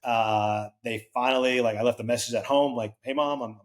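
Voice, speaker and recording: Man, 40s, podcast guest; casual rambling storyteller, mid-pitched, acts out quoted lines. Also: steady tone, moderate pace. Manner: rambling, filler-heavy, acts out quoted voices.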